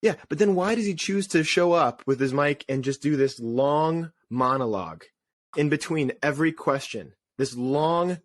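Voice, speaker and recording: A man co-hosting a casual podcast, telling rambling, self-deprecating stories in an animated way. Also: on the high side, normal speed, no room sound. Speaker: podcast co-host. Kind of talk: casual chat.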